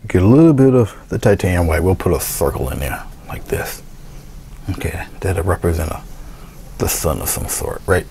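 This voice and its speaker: Low gravelly man teaching painting. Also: a little hiss or hum. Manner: relaxed, talks to himself while working, thinks aloud. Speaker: painting instructor. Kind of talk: casual painting tutorial.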